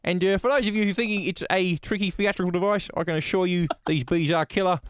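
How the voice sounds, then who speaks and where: Smug, mock-courteous con man onstage, as a man puts him on, slightly high and dry, showman patter with quiet menace. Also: fairly even intonation, quick pace, clean tone, dry recording, natural voice. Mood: mock-polite. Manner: showman-like, falsely polite, menacing. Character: smug male theatre con man extorting his audience. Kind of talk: improvised radio comedy sketch.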